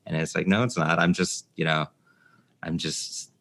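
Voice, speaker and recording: A man's voice: sits low, steady tone, moderate pace, fairly bright tone. A man hosting a podcast in casual chat, thinking aloud and jumping between points. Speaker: podcast host.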